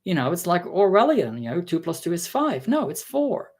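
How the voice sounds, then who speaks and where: Animated man retelling a heated exchange. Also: brisk. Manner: animated retelling that acts out quoted people with pitch jumps; exasperated, sarcastic asides. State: tired. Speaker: vlogger. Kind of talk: casual storytelling monologue.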